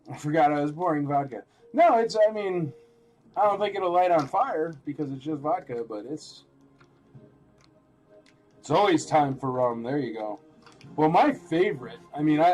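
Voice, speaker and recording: A man's voice: a little high, a little mellow. A man hosting a casual live-stream auction, chatty and rambling with lots of filler words.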